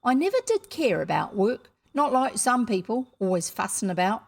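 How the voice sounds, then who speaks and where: A woman voicing a cheeky, lazy male burglar who talks loud and slangy, as in a storybook reading. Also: on the high side, sing-song, normal speed, creaky, exaggerated voice. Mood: wistful, lazy.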